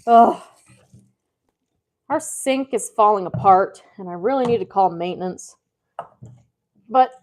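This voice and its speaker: Breathless and frazzled, a woman with a slightly mellow, mid-range voice vlogs casually from her home kitchen, chatting to herself as she gathers things for a cooking video.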